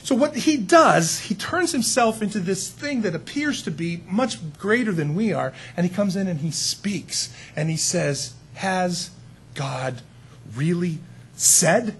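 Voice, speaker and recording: A man preaching a sermon in a conversational, animated way, full of rhetorical questions. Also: sits high, normal speed, slight background noise.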